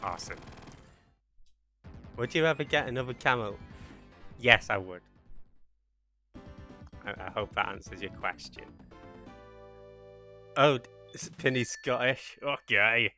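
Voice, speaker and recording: A man's voice: medium pitch, expressive, measured pace, pauses often, sharp tone. Mancunian man chatting over game music. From Manchester, England. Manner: rambling, jokey banter with chat, self-mocking. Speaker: game streamer. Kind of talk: casual live-stream chat while playing.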